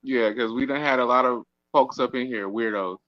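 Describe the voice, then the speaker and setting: A man's voice: medium pitch, normal speed, muffled recording. A man joining a livestream as a guest, laid-back and laughing often.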